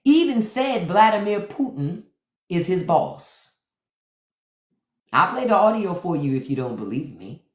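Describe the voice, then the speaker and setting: A woman's voice: medium pitch, big pitch swings, moderate pace. Blunt, profane woman livestreaming in a roomy echo. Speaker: livestream host. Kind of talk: unfiltered livestream commentary.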